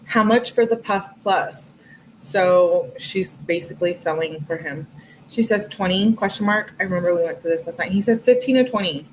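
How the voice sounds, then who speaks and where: Young woman livestreaming, reading texts out loud w/ little side comments, faint hiss behind her. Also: lowish voice, moderate pace, poor audio. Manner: chatty, reads quotes aloud with commentary asides. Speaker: true-crime commentator reading text messages. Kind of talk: casual livestream read-through.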